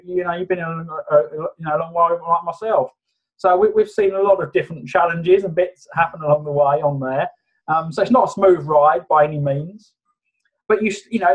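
A man answering interview questions on a video call in a steady, measured way, with many fillers. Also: a little high, slightly rough. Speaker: guest. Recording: dull video-call audio.

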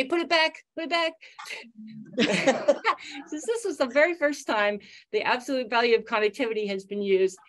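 A woman with a fairly high voice reads prepared remarks announcing competition winners in a webinar. She sounds upbeat and moves through her slides steadily. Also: fairly bright tone. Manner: upbeat, reading prepared remarks with light laughs. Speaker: prize announcer.

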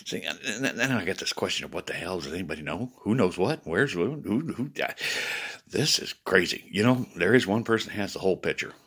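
A man talking casually to viewers, rambling with many restarts and swinging between worried and loud. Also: low-pitched, lively intonation, brisk, breathy edge. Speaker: video blogger.

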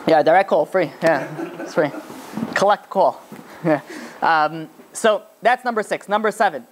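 A man's voice: a little high, noisy background. A man, a rabbi, giving a storytelling lecture in a rambling way full of fillers. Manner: rapid, rambling, filler-heavy talk.

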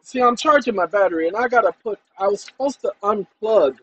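A man's voice: high-pitched, a little fast, dull audio, a little hiss or hum. A man hosting his own channel, talking to viewers in an emphatic, combative, colloquial monologue. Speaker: channel host.

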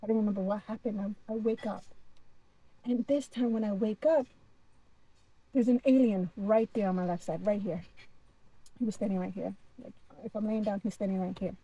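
A woman's voice: mid-range voice, steady tone, normal speed, pauses often, mellow, husky, no echo, muffled recording. A woman telling a story to camera in a casual, dramatic way, often repeating herself.

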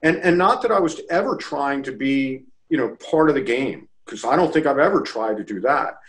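With a medium pitch and moderate pace, this man is heard over poor audio. He's from the Baltimore area, a lacrosse official appearing as a guest in a casual interview. He relates a story animatedly, performing the quotes as he goes.

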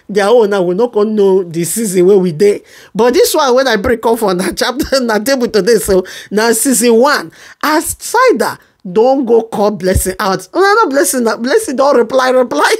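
A Nigerian woman hosting gossip commentary in Pidgin, animated and teasing, often breaking into laughter. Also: fairly high pitch. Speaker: commentary host.

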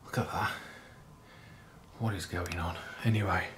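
A man out of breath, casually narrating as he explores an old building, excitable and swearing when startled. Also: low-pitched, unhurried, very noisy. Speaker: paranormal investigator host.

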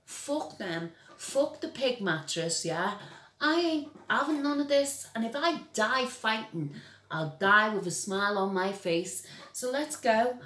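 A woman's voice: mid-range voice, fairly bright tone. A middle-aged woman from England, ranting bluntly and with lots of swearing, often stumbling over and repeating her words. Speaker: vlogger. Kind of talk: angry personal rant. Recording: echoey room.

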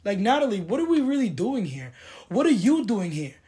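A woman's voice: fairly high pitch, very animated, fairly quick, mellow. Woman host ranting, all emotional, keeps repeating herself for emphasis. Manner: emotional, venting, repeats phrases. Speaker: podcast host. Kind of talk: casual reaction chat.

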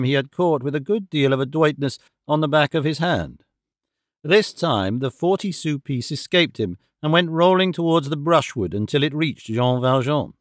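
A man narrating a classic novel as an audiobook in a measured, clearly enunciated reading. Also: a little high, no echo, studio quality.

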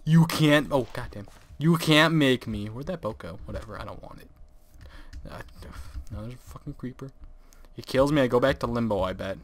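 A man's voice: mid-range voice, moderate pace, long pauses. A young man narrating his gameplay into a desk microphone, exasperated and profane, often swearing and laughing at what happens. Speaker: gaming video host. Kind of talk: let's play commentary. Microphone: desk microphone, close.

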